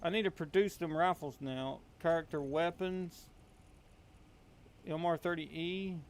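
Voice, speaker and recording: His voice a little high and a little slow, a young Kentuckian from Appalachia, US, chats through a game stream in a Southern accent. He drawls and rambles with many fillers, and there's a little hiss or hum.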